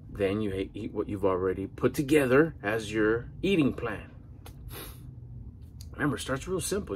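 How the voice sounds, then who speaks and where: A man's voice: on the low side, expressive, moderate pace, a little hiss or hum. Breathless, earnest middle-aged man. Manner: rambling, earnest, with slang and restarts. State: a little out of breath. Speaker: vlogger. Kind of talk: casual motivational talk to camera.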